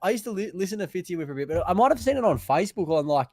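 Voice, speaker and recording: Fast-talking high-voiced co-host. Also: male voice, animated, darkish tone, no echo, soft background music. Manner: quick, casual and chatty. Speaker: podcast co-host. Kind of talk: casual chat.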